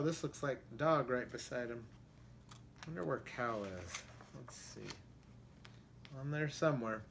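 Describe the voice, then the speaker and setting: A man reading a children's picture book aloud in an expressive way, pausing to ask his listeners questions. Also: medium pitch, gravelly, slight background noise. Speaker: storybook reader. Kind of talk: children's storybook read-aloud.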